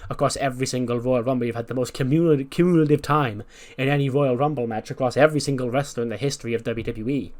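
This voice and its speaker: A man voicing a female backstage interviewer who asks rambling, halting questions. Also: mid-range voice, a little mellow, natural voice. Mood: probing.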